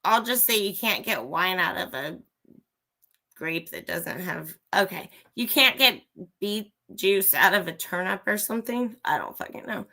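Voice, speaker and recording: Woman, livestream host, blunt ranting commentary, swears freely, talks to chat, slow pace, bright forceful voice. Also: medium pitch, lively intonation, creaky. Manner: blunt and profane, talking straight to viewers.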